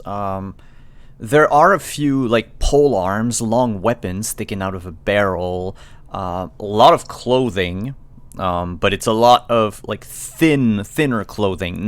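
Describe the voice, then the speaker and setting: A man's voice: on the low side, fairly bright tone, smooth. A man narrating as game master in a live-streamed tabletop game, hesitant and full of ums and restarts. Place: home streaming setup.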